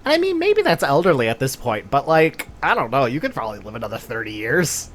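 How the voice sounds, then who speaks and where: A woman chats casually and self-deprecatingly over a game. Her voice is strikingly low for a woman and moves a lot in pitch. The talk is loose and unscripted. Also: huge pitch swings, fast talker. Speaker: let's play host. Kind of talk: casual gameplay commentary.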